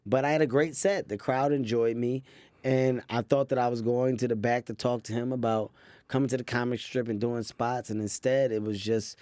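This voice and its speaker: A man in his thirties, a comedian guest in a studio interview, telling stories in an animated, quick way. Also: medium pitch, dry recording. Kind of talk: interview storytelling.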